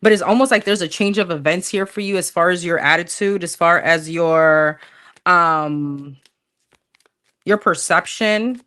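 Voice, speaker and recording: A woman's voice: fairly low pitch, a little slow, pushed and bright, clean tone. A woman casually chatting through a livestream tarot reading, slangy, thinking aloud as she pulls cards. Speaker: tarot reader.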